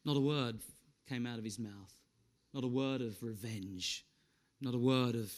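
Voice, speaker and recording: A man preaching a sermon, swinging between loud and hushed. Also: mid-range voice, expressive, moderate pace. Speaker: pastor.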